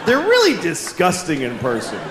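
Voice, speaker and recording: A man's voice: fairly high pitch, moderate pace. Blunt middle-aged man doing stand-up. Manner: blunt deadpan storytelling with animated voiced asides. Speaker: stand-up comedian. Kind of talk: stand-up comedy set. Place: live comedy stage with audience laughter. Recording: echoey live venue, noisy crowd ambience.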